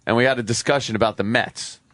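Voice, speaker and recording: A man's voice: mid-range voice, fairly even intonation, fast, fairly bright tone. A man hosting a radio show, needling a caller in a jokey, casual banter. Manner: needling, jokey, laughs often. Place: radio studio.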